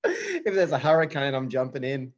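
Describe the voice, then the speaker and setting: A man, a stand-up comedian guest, dropping quick wisecracks in casual chat. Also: medium pitch, huge pitch swings. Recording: dull lo-fi sound.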